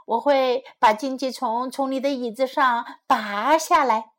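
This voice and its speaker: A woman reading a gentle, kind policeman. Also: high voice, a little slow. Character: kind, helpful male policeman.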